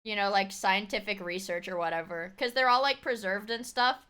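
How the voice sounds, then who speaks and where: A woman streamer chatting casually as she reacts to a video, excitable and swearing, shrieking thanks to her viewers. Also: medium pitch, fairly quick, clean tone.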